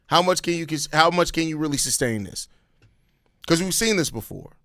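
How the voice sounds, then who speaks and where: A man hosting a live postgame reaction, talking bluntly with plenty of profanity and breaking into loud rants. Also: fairly high pitch, animated, moderate pace, dry recording, studio quality. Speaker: sports channel host.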